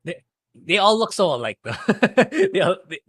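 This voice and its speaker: Guy cohosting, short agreeing replies, bouncy high voice. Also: wildly swooping pitch, a little slow, husky, no echo, clean studio sound. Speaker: co-host. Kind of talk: casual livestream chat.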